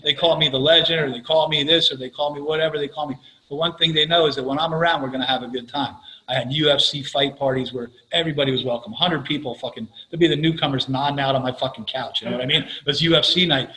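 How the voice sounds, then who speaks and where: A man's voice: on the high side, fairly even intonation, fast talker, few pauses, sharp tone, low-quality recording. An older man from Florida sharing his recovery story, profane and blunt, laughing at himself as he tells it. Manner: profane, blunt, self-mocking, laughs while telling stories. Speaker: recovery meeting speaker.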